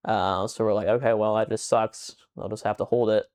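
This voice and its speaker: A man's voice: lowish voice, brisk, smooth. Rambling, swearing young man. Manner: rambling storyteller, heavy swearing, animated when retelling. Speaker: podcast co-host. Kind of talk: casual chat.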